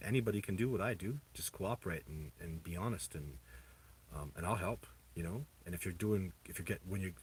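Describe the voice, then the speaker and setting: A man hosting a casual livestream, answering viewer questions in a rambling, halting way with many restarts. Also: sits low, slight background noise. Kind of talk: casual live chat.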